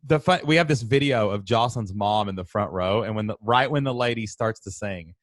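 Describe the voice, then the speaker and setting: A man in his thirties co-hosting a casual chat, a talkative and animated storyteller. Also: on the low side, a little fast, no room sound. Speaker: co-host.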